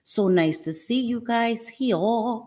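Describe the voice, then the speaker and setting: A woman hosting a casual livestream, lively and affectionate, greeting viewers by name with pet names like sweetie pie. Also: fairly high pitch, takes it slowly. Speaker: livestream host. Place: home in New Jersey.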